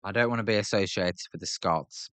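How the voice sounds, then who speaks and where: A man's voice: lowish voice, fairly quick, fairly bright tone, clear, resonant tone, dry recording. A British man hosting a live baseball reaction stream, mixing casual play-by-play with chatty, rambling talk full of fillers and restarts.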